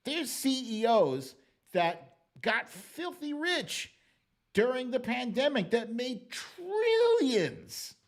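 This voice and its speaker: Animated, swearing American man on a livestream. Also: extremely high pitch, slow. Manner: animated, profane, ranting with loud outbursts. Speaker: livestream political show host. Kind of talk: casual livestream talk.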